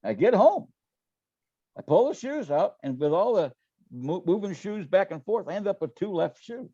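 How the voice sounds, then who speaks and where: A man's voice: sits high, big pitch swings, normal speed, mellow, no echo, highs cut off. A man telling business stories in a folksy, casual way, often repeating words and acting out what people said. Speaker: guest. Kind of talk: casual storytelling interview.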